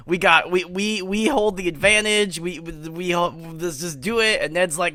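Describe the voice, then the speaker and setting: A man co-hosting a podcast in casual comedic chat, excitable and stammering as he riffs on the story. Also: high-pitched, normal speed, dry recording, studio quality. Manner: excitable, joking, stammers into bits. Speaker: podcast co-host.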